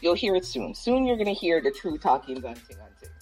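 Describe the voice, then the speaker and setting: Husky-voiced woman hosting a loose podcast. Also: on the low side, sing-song, a little fast, a little mellow, soft background music, rough recording. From Toronto, Canada. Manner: loose, playful, mixes in Caribbean slang. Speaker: podcast host. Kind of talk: casual chat.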